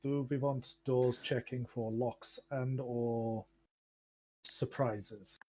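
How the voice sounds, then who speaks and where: A man playing a tabletop game on a video call, asking the game master quick questions. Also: medium pitch, fairly even intonation, mellow, a little hiss or hum. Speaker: player. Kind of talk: casual tabletop game chat.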